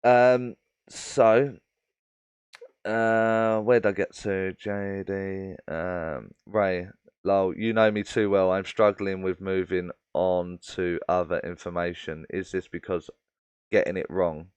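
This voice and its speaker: Man, low voice, live Q&A host, rambling explanations, dry close recording. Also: fairly even intonation, slow, a little mellow, clear, resonant tone, dry recording, highs cut off. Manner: rambling, filler-heavy explanations, addressing viewers by name. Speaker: medium hosting a live Q&A. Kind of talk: casual live-stream Q&A.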